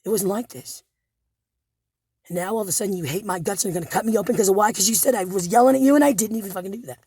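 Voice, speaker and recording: A woman with a husky, hoarse voice recounts events straight to the camera, swearing freely and circling back over her words in agitation. The sound is dry and close, with no room around it. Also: medium pitch, racing, darkish tone, no room sound. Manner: agitated, profane, repetitive restarts. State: hoarse, injured throat.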